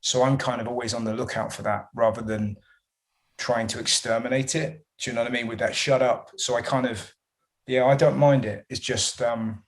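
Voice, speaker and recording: A man's voice: mid-range voice, fairly even intonation, normal speed. Male comedian, mid-range voice, chatty and rambling in interview. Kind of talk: casual interview answers.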